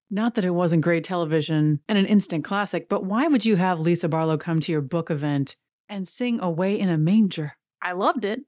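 A woman's voice: lowish voice, darkish tone, no echo, studio quality. A woman hosting a podcast, giving a chatty, giggly recap of a reality show with playful asides. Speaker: podcast host. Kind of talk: casual reality-TV recap commentary.

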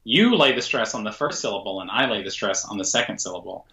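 A man's voice: fairly low pitch, expressive, quick pace, bright, forceful tone, slight background noise. A man co-hosting a sports podcast, talking casually with dry, teasing humor. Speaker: podcast co-host.

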